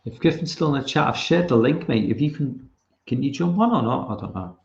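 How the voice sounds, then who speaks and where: A man's voice: medium pitch, lively intonation, a little fast, creaky, darkish tone, echoey room, dull audio. A man from Liverpool with a Liverpool accent, hosting a casual live commentary stream and rambling with plenty of swearing. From Liverpool, England.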